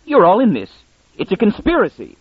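A man voicing a fearful middle-aged male librarian, shrill and desperate. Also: very animated, fast, breathy edge, dry recording. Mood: panicked. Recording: tinny phone-like sound.

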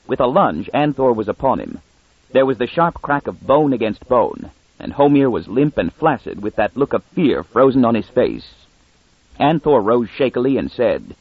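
A man reading an audiobook aloud, measured, shifting his pitch for each character. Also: big pitch swings, breathy edge, dry recording. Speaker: audiobook narrator. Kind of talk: scripted narration with character voices. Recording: tinny phone-like sound.

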